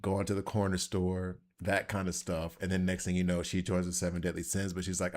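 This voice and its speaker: A man with a deep, low voice and a Southern accent talks his way through a video game. His commentary is loose and rambling, and he keeps laughing at his own odd tangents. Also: level tone, brisk, few pauses. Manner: rambling, self-deprecating, chatty. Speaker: gaming channel host. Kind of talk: casual gameplay commentary.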